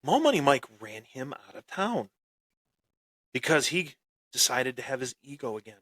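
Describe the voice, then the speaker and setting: A man hosting a wrestling podcast and telling a story with boastful heel bravado. He breaks into sudden loud bursts and often repeats and restarts his phrases. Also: medium pitch, sing-song, normal speed, no room sound. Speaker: podcast host.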